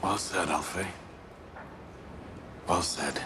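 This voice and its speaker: A cold, clipped gang leader. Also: male voice, deep voice, steady tone, takes it slowly. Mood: quiet. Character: cold, controlled Birmingham gang leader, man. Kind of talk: television crime drama acting. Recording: film soundtrack with background noise.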